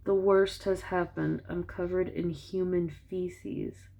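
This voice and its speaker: A woman's voice: lowish voice, level tone, takes it slowly, vocal fry, mellow, heavily acted. A woman voicing a small, scrappy, cheerful man who tells corny jokes. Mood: chipper. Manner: chipper and eager, corny jokes.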